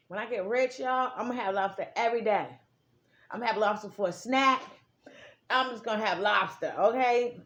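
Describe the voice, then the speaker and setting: A young woman hosting an eating vlog, gushing with excitement and calling her viewers y'all. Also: sits high, a little slow, dull audio, a little hiss or hum. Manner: bubbly, gushing, sing-song exclamations, talks to viewers as y'all. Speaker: mukbang vlogger.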